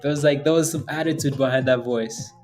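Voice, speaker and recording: Faint music plays behind a day-trading livestream host whose medium-pitched, darkish voice stays steady and brisk. He keeps things casual, joking and laughing a lot while bantering with his audience and his phone assistant.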